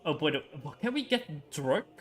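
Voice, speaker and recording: A man's voice: fairly high pitch, very animated, normal speed, a bit bright. Chatty young man streaming a game. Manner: rambling, chuckling, frequent filler words. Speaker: livestreamer. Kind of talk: casual gaming livestream chat.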